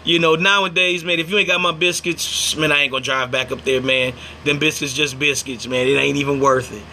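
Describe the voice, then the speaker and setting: A young man hosts a casual livestream from Indiana, talking fairly quickly in a slightly high voice against a little background noise. Animated as he tells his stories, he acts out what people said and interrupts himself to thank viewers.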